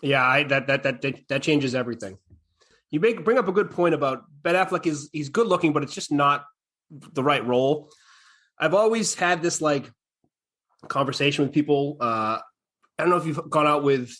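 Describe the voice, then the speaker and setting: A man hosting a podcast in casual chat, animated as he retells scenes and reads quotes aloud. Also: medium pitch, brisk. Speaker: podcast host.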